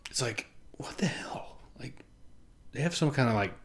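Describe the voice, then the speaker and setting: In a loose, rambling vlog to camera, a young man talks in an expressive, fairly bright, whispered voice at a typical male middle pitch. He swears freely, pokes fun at himself, laughs often, and mimics other people in quick put-on voices during his casual monologue.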